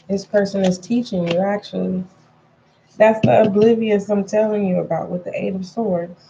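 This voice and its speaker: A woman's voice: mid-range voice, gravelly, mellow, muffled recording, slight background noise. A woman giving a casual tarot reading to her viewers, chatty and frank, calling them pet names and repeating points for emphasis. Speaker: tarot reader.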